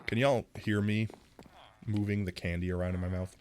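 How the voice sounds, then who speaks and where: A man's voice: lowish voice, fairly even intonation, moderate pace, a little hiss or hum. A man streaming live with a sore throat, rambling casually into a close mic while he plays. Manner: rambling, self-deprecating, reacts loudly.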